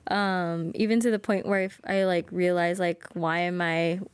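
A woman hosting a casual podcast chat, halting and searching for words with many fillers. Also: lowish voice, little pitch movement, clear, resonant tone, no echo. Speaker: podcast host.

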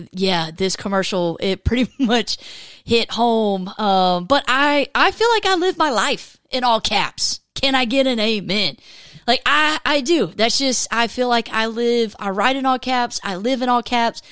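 A woman's voice: fairly high pitch, smooth, no room sound. A woman in her late forties with a lilt chats her way through a faith podcast. She tells stories with lots of energy and laughs easily. Her voice is close and dry, with no room sound around it. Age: 40s. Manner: chatty, laughs often, animated storytelling. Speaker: podcast host. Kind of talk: casual faith podcast chat.

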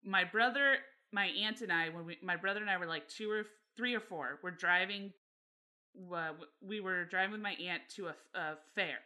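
Bright-voiced animated woman storyteller. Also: normal speed. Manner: blunt and animated, acts out quotes in a high voice. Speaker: podcast co-host. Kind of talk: casual chat, storytelling.

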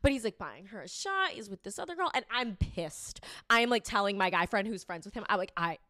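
A young woman co-hosting a podcast, telling a story in a lively, casual chat, laughing and swearing freely. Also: mid-range voice, brisk, dry recording, clean studio sound. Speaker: podcast co-host.

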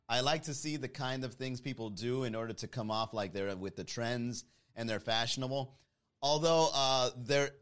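A man hosting a podcast, telling a comic story and acting out the people in it. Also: medium pitch. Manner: animated, mimics people in his story. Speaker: podcast host.

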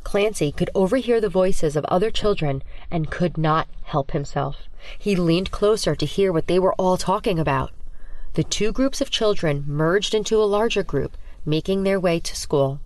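Measured woman storyteller, dry close sound. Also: fairly low pitch, dry recording. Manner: steady, measured reading. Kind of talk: scripted narration of a spooky children's story.

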